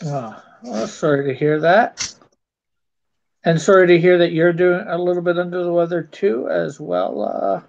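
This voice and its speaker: A man's voice: sits high, unhurried, vocal fry, muffled recording, slight background noise. A man hosting a live stream in casual chat, reading viewer comments aloud, rambling and stumbling over his words.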